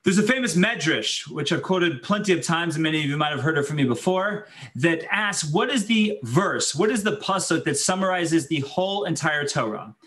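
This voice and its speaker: A man giving a Torah lecture as a rabbi, telling the story with lively energy and acting out the voices he quotes. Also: a little high, moderate pace, few pauses. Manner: animated, acts out quoted voices, laughs while telling.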